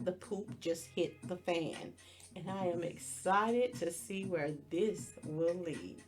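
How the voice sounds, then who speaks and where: A woman's voice: fairly low pitch, expressive, takes it slowly, darkish tone, soft background music. A woman hosting a podcast, telling the plot of a show step by step in a casual, storytelling way. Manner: storytelling, plainly retells scenes step by step. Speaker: podcast host. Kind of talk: casual movie recap.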